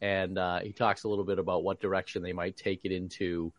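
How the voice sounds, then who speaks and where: A man co-hosting a podcast, talking in an animated way with many restarts. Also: low voice, a little fast, dry recording. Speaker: podcast co-host. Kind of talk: casual chat.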